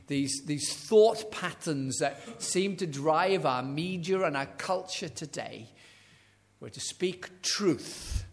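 In a medium-pitched voice, a man delivers a dramatic sermon. He shifts from booming declarations to soft near-whispers and retells stories, quoting the dialogue.

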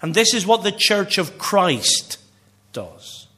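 A man with a Northern Irish accent delivers a sermon. His voice sits a touch high for a man, and he leans into key words by slowing right down. He often lets the ends of his phrases fall away soft and quiet. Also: very animated. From Northern Ireland. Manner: earnest, slows down for emphasis, drops quiet at phrase ends. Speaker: pastor.

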